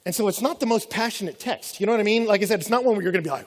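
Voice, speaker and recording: A high-voiced man delivers a sermon with lots of energy, switching into playful voices for the people he quotes. His voice rings out with a long reverb, as in a large church hall. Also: racing, hardly any pauses. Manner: animated, acts out quoted voices. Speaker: pastor.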